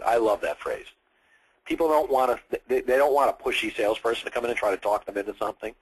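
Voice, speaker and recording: A man in his sixties, a sales trainer at a live seminar, lively and acting out firm phone calls as he teaches. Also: medium pitch, fast, husky, poor audio. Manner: energetic, acts out phone calls in firm and friendly tones.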